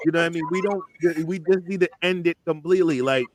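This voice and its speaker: A man's voice: on the high side, fast. A man hosting a casual podcast chat, moving the talk through wrestling news with emphatic opinions. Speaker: podcast host.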